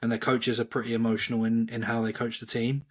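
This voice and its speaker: Brief: male coach guest, mid pitch, level delivery, calm and considered. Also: breathy edge. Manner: measured, calm, even-toned. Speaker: volleyball coach, interview guest. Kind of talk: reflective interview answers.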